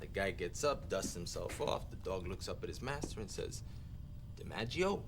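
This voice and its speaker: An actor playing a wisecracking cop who goes undercover as a gun dealer and loves telling jokes. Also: male voice, low-pitched, moderate pace, background noise. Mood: joking. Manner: joking, lively storyteller. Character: wisecracking street cop, jokey and brash. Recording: film soundtrack with loud score. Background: music.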